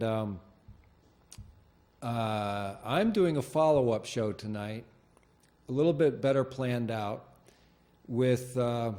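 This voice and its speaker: A man hosting a local TV show from a studio, talking off the cuff in a halting, rambling way with lots of fillers and restarts. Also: mid-range voice, mellow. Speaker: host of a local cable show. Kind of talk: unscripted studio monologue. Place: TV studio with green screen.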